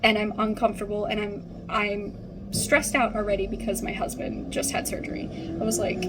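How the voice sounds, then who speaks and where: A woman's voice: medium pitch, normal speed, background noise. A young woman telling a casual, rambling story at home while she gets ready, full of "like" and "um". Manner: chatty, rambling, frequent "like" and "um". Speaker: vlogger.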